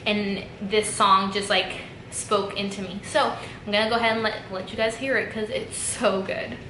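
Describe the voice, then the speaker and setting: A woman's voice: medium pitch, flat delivery, moderate pace. A young woman vlogging to camera about songs she loves, earnest and emotional, talking in a loose way with many fillers. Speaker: YouTube vlogger. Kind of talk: casual talk to camera. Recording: echoey room, faint background noise.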